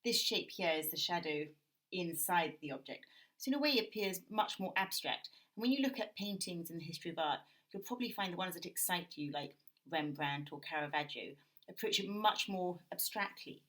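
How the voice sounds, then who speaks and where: A British woman with a slightly low voice demonstrates drawing at a table indoors, explaining gently and thinking aloud as she works, much like an art teacher guiding a class at home. She's expressive and brisk, though the audio quality is poor.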